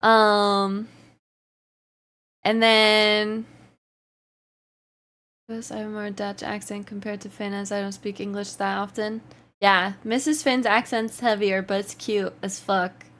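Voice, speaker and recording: A woman's voice: medium pitch, level tone, takes it slowly, long pauses, a bit bright. A woman livestreamer chatting casually, reading out and answering her chat while often laughing. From Canada.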